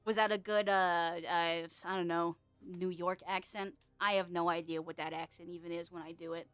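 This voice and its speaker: A woman's voice: lowish voice, flat delivery, moderate pace, a bit bright, clear, resonant tone, no echo, faint music behind. A young woman chatting casually on a live stream, rambling, giggling often and swearing offhand.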